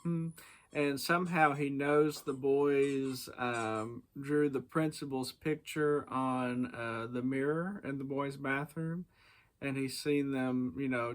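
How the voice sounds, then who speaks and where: A man's voice: medium pitch, fairly even intonation, slow pace. A man casually reviewing a book, hesitant with many fillers and chuckles.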